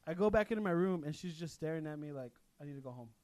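A young man with a slightly high voice tells a story on a casual podcast. He speaks in a loose, animated way, laughs a lot, and swears freely. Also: very fast. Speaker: podcast co-host. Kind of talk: casual chat, telling a story.

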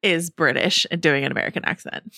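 A woman co-hosting a podcast in casual chat, animated and quick with playful counterpoints. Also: sits low, gravelly, no echo, clean studio sound. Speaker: podcast co-host.

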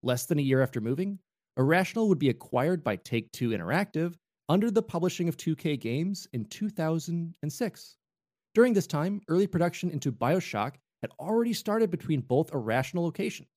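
A man's voice: fairly high pitch, animated, a little fast, darkish tone. A man co-hosting a casual chat about game history, joking and playful. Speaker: podcast co-host.

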